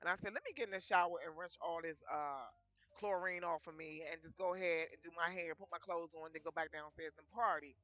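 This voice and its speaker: A woman's voice: on the low side, fairly quick, dry recording. A woman casually telling her life story, acting out quoted back-and-forth dialogue as she goes. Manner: lively retelling full of quoted dialogue.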